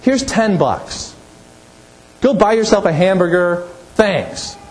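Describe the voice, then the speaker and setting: A man's voice: high-pitched, expressive, slow, pitched above the performer's own voice, poor audio. Man doing a sheepish guilty servant. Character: guilty forgiven male servant, earnest.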